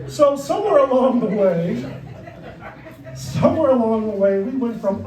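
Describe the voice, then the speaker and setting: A middle-aged man performing a stand-up comedy set on a club stage, telling dark stories in a deadpan way with asides to the crowd. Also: very high-pitched, moderate pace, reverberant, distant mic, poor audio.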